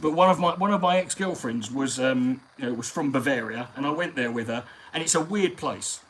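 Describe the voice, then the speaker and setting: A man's voice: mid-range voice, a little fast, a bit bright, a little hiss or hum, poor audio. A man hosting a live stream, telling long, profane, rambling stories in casual chat.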